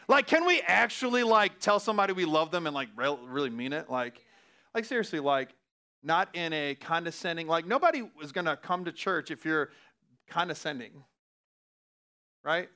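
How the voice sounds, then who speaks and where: A man preaching a sermon as pastor, talking in a casual, laughing way and swinging from hushed lines to loud outbursts. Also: sits high, animated, normal speed.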